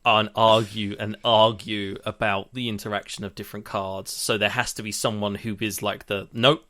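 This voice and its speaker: A man's voice: lowish voice, flat delivery, normal speed, sharp tone. A man co-hosting a podcast, chatting casually and animatedly, swearing now and then. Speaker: podcast co-host. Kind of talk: casual chat.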